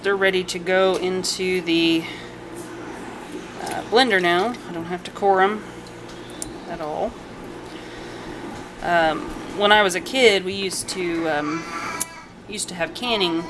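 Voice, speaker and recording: Chatty mom in a noisy kitchen. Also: female voice, lowish voice. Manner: chatty, rambling, with fillers and asides to a child. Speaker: home cook and channel host. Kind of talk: casual cooking vlog. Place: home kitchen. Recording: home video with noticeable background noise.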